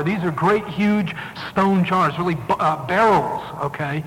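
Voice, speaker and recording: A man's voice: sits high, a little slow, fairly bright tone, big-room sound, slight background noise, poor audio. A male preacher giving a sermon and retelling a story with dramatic emphasis.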